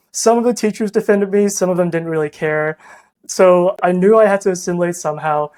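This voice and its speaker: A young man from Hong Kong with an international accent, talking earnestly and reflectively as a veterinarian guest on a podcast. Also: on the high side. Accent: international, hard to place. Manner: earnest, reflective, with light laughs.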